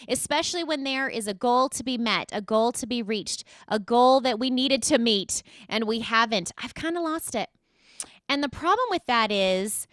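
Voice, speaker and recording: Emphatic woman host, crisp and dry. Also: a little high, fairly bright tone, no room sound. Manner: emphatic, direct address to listeners, repeats key points. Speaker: talk show host. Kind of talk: motivational talk-show monologue.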